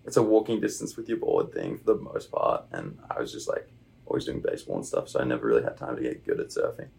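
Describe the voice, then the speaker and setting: A young man with an Australian accent chatting casually as a podcast guest, relaxed and rambling with plenty of fillers. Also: a bass voice, quick pace, gravelly, husky. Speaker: guest, baseball player. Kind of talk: casual interview chat. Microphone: podcast microphone.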